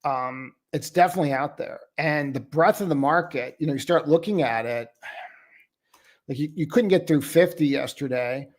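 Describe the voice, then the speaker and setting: A man's voice: fairly high pitch, normal speed. A man hosting a live trading stream, talking casually and bluntly through market charts with lots of filler words. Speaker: trading show host.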